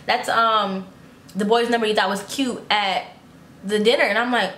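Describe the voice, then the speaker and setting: Animated young woman telling a story. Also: normal speed. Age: young adult. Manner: animated, acts out quotes in high voices, swears casually. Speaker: vlogger. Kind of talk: casual storytime. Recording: echoey room, faint background noise.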